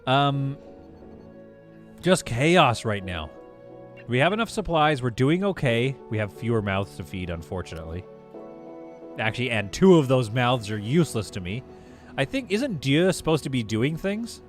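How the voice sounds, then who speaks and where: A man talks through his game on a live stream at an easy, middle pitch, musing aloud and answering chat. He laughs readily and keeps things casual. A soft bed of music plays faintly underneath. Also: moderate pace. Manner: thinks aloud, chatty, reads chat; relaxed, laughs easily. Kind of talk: live gameplay commentary.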